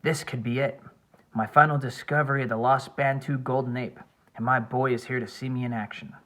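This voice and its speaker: A man's voice: medium pitch, steady tone, fairly quick, fairly bright tone, lightly acted. Man doing a proud, fatherly old adventurer. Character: aging male adventurer anthropologist, warm and proud. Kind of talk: audiobook character voice.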